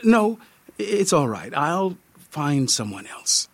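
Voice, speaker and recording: A withdrawn young tourist speaks in a soft, hushed voice, breathy and low in level, as a male narrator puts him on. The delivery is slow and subdued, recorded close and dry. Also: sing-song, dry recording, full character voice. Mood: let down. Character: young man, disappointed tourist, quiet and withdrawn.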